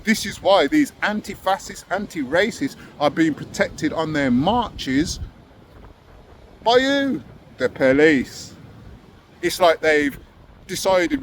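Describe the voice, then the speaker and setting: Young male host, higher voice, fired-up rhetorical monologue, faint hiss behind. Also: lively intonation, slow pace, pauses often. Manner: impassioned, rhetorical questions to viewers. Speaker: host of commentary channel. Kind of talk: casual commentary monologue.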